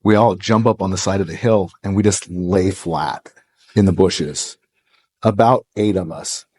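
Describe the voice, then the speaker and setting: A man's voice: low-pitched, a little slow, a little mellow, husky. A middle-aged man preaching a sermon, telling stories with animation and acting out quoted voices. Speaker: pastor. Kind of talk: sermon storytelling. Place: church hall, live audience.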